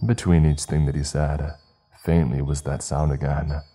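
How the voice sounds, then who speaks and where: A man reading a scripted horror story in a slow, hushed manner. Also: a bass voice, little pitch movement, slightly rough. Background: faint eerie background music.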